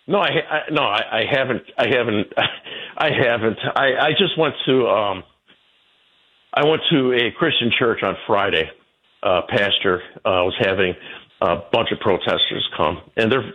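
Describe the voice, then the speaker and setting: Rambling older man on muffled radio. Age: 60s. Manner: rambling, repeats words, quotes people in a high voice. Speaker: radio show guest. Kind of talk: casual radio conversation.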